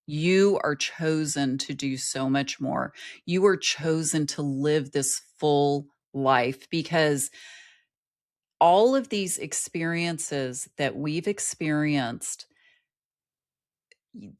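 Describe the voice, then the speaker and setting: A woman's voice: low voice, takes it slowly. A middle-aged woman, a life coach, talking earnestly as a guest in an interview and telling personal stories. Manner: earnest storytelling. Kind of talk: conversational interview.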